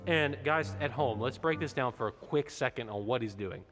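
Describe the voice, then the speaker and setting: A man's voice: mid-range voice, moderate pace, a bit bright, faint music behind. Male choir director mid-rehearsal, talks through the score and sings bits to show it; long ringing reverb, an instrument faint behind. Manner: explains, then sings short demonstrations.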